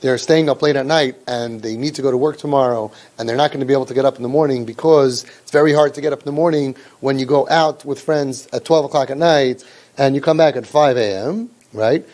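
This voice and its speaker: Here a man leads a parenting training session, mocking children and parents through overblown impressions in a sarcastic tone. He has a medium pitch, a somewhat mellow sound, and talks a little fast.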